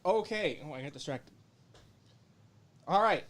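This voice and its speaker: A man's voice: on the high side, expressive, unhurried. A man co-hosting a podcast, running a trivia round with playful, teasing banter. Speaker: podcast co-host.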